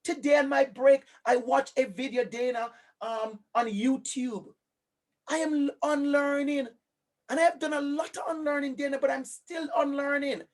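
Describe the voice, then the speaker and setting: A man with a Jamaican accent giving a live online lecture, animated and emphatic, turning to a colleague by name. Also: extremely high pitch, normal speed.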